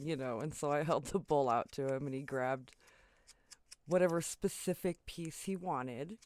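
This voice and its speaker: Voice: medium pitch, smooth, no room sound. A crafting vlogger telling a story at home while working, rambling and chatty, with lots of asides and frequent laughter. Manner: rambling, chatty, full of "you know" and "right?" asides. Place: home basement.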